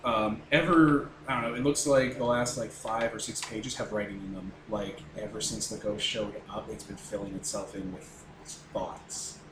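A man's voice: fairly low pitch, steady tone, moderate pace. A man running a tabletop game as game master, explaining at length with many fillers. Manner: rambling, filler-heavy explaining. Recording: roomy echo, noisy background.

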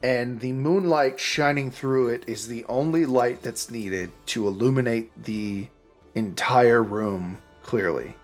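Male dm narrating a tabletop session, slow and unhurried, kinda hesitant. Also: mid-range voice, faint music behind. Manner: relaxed, hesitant, many restarts. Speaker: game master.

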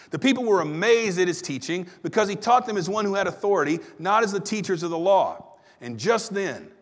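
A male pastor delivers a sermon with a slightly raised pitch, retelling a story with lively, dramatic swings in volume. His voice rings out through a large hall with a long reverb tail. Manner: animated storytelling, swings from loud to hushed.

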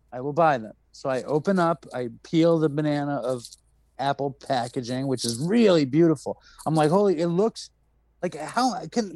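With a higher-pitched voice and no room sound, this New York City podcast host spins a story in relaxed conversation. He's an animated storyteller who plays the characters and curses without restraint.

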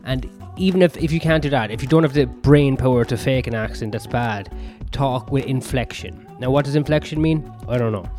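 A man's voice: medium pitch, brisk, hardly any pauses, a little mellow, soft background music. A young man hosting a podcast alone, rambling and swearing in a self-mocking way. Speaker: podcast host and comedian. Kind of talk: solo rambling podcast monologue.

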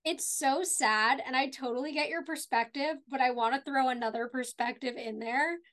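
High-voiced woman recapping scenes. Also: fairly even intonation, normal speed, fairly bright tone. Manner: retells scenes step by step, casual. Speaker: podcast co-host. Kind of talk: casual recap chat.

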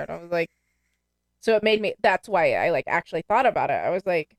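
A woman with a fairly low voice talking as a podcast co-host. Her chat is full of fillers and casual swearing. The sound is dry and close. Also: very animated, fast, no echo.

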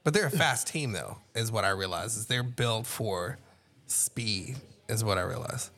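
A man's voice: on the low side, animated, measured pace, pushed and bright. A man co-hosting a sports podcast at a car show. He talks casually, argues his points and often stammers as he starts a sentence. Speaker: podcast co-host.

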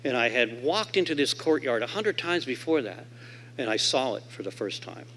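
Male convention speaker, mid-pitched voice, animated telling, goes from loud bursts to quiet and low. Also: moderate pace, a little hiss or hum. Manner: animated storyteller who acts out quoted voices. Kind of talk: recovery story told to a convention audience. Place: convention hall stage.

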